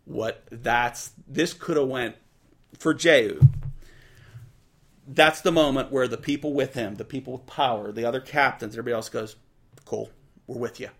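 A man giving a casual Bible teaching, retelling scripture in relaxed everyday slang. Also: medium pitch, gravelly, slightly rough.

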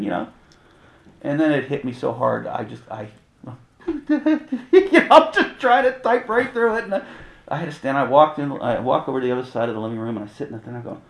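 A middle-aged man, a pastor, telling a personal testimony in a sermon with candid, animated storytelling and chuckles. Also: mid-range voice, vocal fry. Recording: roomy reverberant sound.

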